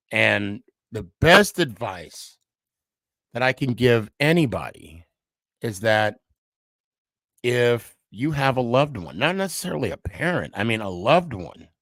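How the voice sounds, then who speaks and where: A middle-aged man hosting a podcast, speaking in a halting, heartfelt personal monologue with frequent restarts. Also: mid-range voice, fairly bright tone, dry recording. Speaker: podcast host.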